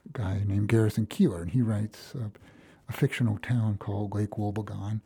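A man's voice: lowish voice, fairly even intonation, moderate pace, gravelly, mellow, slightly rough, no room sound. A man from Minnesota preaching a reflective, storytelling sermon as a pastor, acting out the quoted lines.

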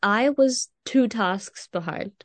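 A teenage girl co-hosts a casual podcast with friends, telling stories animatedly and acting out the people she quotes. Her voice is medium-pitched and slow, recorded with no room sound.

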